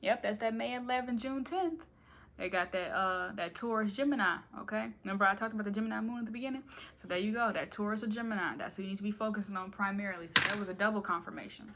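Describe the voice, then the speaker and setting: A woman's voice: mid-range voice, fast, background noise. A woman giving a casual tarot reading, playful and rambling, with slangy asides and frequent laughter. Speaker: tarot reader.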